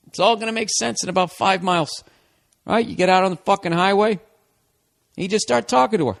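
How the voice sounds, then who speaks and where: A man's voice: high voice, a little fast, vocal fry. Blunt, profane man ranting. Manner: blunt, swears constantly, riffs. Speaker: podcast host giving advice. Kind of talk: casual profane rant.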